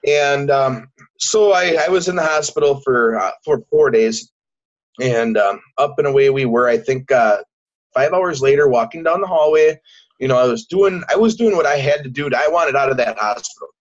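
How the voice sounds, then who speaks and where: A man telling a personal story as a guest in a casual interview, halting and repeating words, acting out what people said. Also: mid-range voice. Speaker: podcast guest. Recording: dull lo-fi recording.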